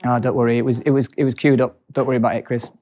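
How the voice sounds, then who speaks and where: A man hosting a casual chat, telling a personal story in an animated way, laughing often and speeding up in bursts. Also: medium pitch, racing.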